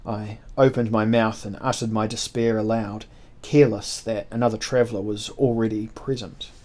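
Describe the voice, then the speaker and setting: A man narrating a historical adventure novel in the first person, with measured, expressive storytelling. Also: fairly low pitch.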